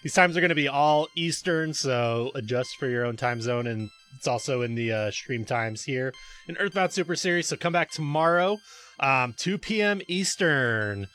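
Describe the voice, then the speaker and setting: A man's voice: medium pitch, lively intonation, normal speed, a bit bright, soft background music. A man hosting and commenting on a speedrun race livestream, chatty and jokey with frequent fillers.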